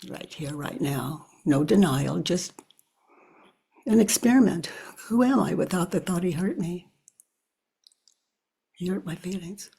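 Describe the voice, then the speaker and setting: An older woman talks through a guided self-inquiry in a very husky, breathy voice with a gravelly edge. She moves slowly and reflectively, pausing to think aloud. She often lets her voice sink to a hush. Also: fairly low pitch, animated. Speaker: spiritual teacher.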